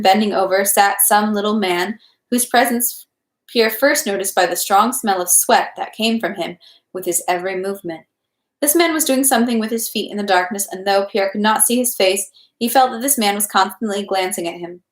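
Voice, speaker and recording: A woman reading a novel aloud at home, in a measured, unhurried way. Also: mid-range voice. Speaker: audiobook reader. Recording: echoey room.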